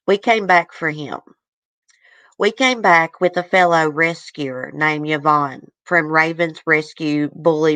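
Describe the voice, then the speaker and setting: A woman's voice: deep voice, a bit bright, dry recording. A woman host reading a letter aloud to her viewers in an earnest, easily moved way, stopping now and then to comment.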